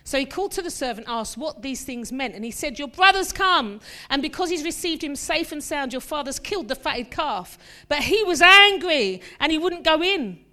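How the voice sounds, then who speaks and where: A woman with a voice that sits high preaches a lively, conversational sermon, weaving scripture together with funny personal asides.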